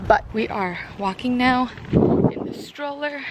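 A woman's voice: on the high side, a little slow, heavy background noise. A young woman, a mother, chatting casually straight to her viewers on a handheld phone camera as she goes through her day at home and on a walk, with lots of "like" and "literally". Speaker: vlogger mom. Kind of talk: casual day-in-the-life vlog. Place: home, then outdoors on a walk and at a park. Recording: music playing underneath.

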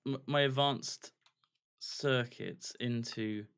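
A man's voice: medium pitch, steady tone, slow, gravelly, background noise. A young man chatting easily while gaming, often hedging his points. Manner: easygoing, hedging chat. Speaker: gamer co-host. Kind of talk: casual chat while gaming.

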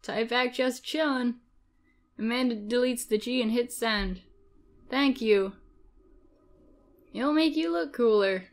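A playful young woman, the teasing daughter of a game's hero, tossing out deadpan comebacks, voiced by a woman reading the game. Her voice sits on the high side. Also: takes it slowly, pauses often. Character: sarcastic young adult daughter, playful teen girl.

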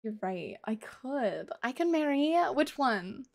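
A woman's voice: high voice, expressive, slow pace, no echo, studio quality. A woman live-streaming a game, chatting to viewers, swearing freely and laughing often.

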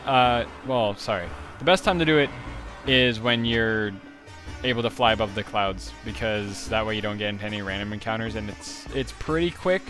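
A rambling man giving game commentary. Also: lowish voice. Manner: rambling and upbeat, with frequent fillers. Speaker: gaming channel host. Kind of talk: casual gameplay commentary. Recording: game music behind the voice.

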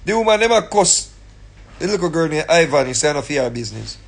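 Jamaican male streamer, husky and fairly high, angry repetitive rant. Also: very animated, fast. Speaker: live streamer. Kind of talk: ranting commentary.

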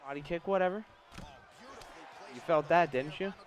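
Young guy yelling trash talk over a fighting game, kinda high voice. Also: moderate pace. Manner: trash-talking, swearing, erupts into shouts. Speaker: gaming YouTuber. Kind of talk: live gameplay commentary.

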